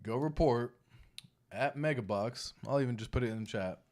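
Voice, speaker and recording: A man hosting a crypto livestream, talking casually and reading the chat. He is emphatic and animated, swears freely and repeats his points for stress. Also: mid-range voice, normal speed.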